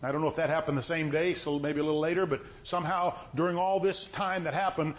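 A middle-aged man preaching a sermon in a folksy, conversational way, with a voice that sounds stern even when he is not angry. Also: a little high, fast talker.

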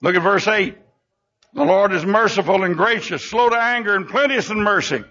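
Gravelly older preacher, dull recording. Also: male voice, lively intonation, normal speed, bright, forceful tone. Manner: fervent preaching, sudden rises and drops in pitch and volume. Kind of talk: sermon.

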